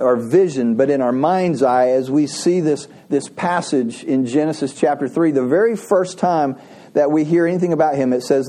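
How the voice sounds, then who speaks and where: A man's voice: a little high, dark tone. A man preaching a sermon, telling a folksy joke and asking the congregation questions. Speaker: pastor.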